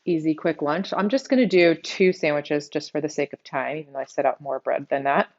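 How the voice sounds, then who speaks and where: Her deep, darkish voice moving fairly quickly, a middle-aged South Texas woman with a Texas accent runs a live cooking show from her own kitchen. She talks directly to viewers, heard through a muffled recording.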